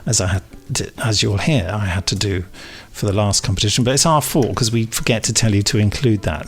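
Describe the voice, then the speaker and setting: A man's voice: on the low side, fairly quick, few pauses. A man co-hosting a podcast in casual chat, reading out listener emails and laughing at his own slips. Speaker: podcast co-host.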